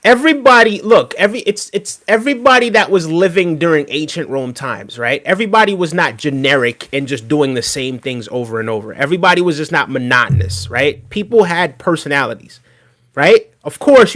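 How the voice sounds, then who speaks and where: A man with a fairly high voice talks on a livestream, reacting to a clip and answering his chat. He presses his points emphatically and keeps tagging them with "right?". His delivery is loose and conversational. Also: fairly quick, fairly bright tone. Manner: emphatic, repeats "right?" often. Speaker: streamer reacting to video. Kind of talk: casual livestream reaction commentary.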